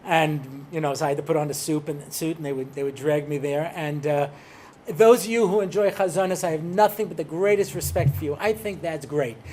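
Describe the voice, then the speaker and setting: An American rabbi gives a humorous talk, telling stories and acting out cantors and other voices for laughs. His fairly high-pitched voice is warm and fairly quick, with slight background noise.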